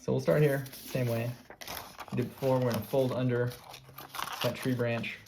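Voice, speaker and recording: A man teacher giving a calm, step-by-step classroom craft demonstration, repeating his cues. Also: medium pitch, normal speed, background noise.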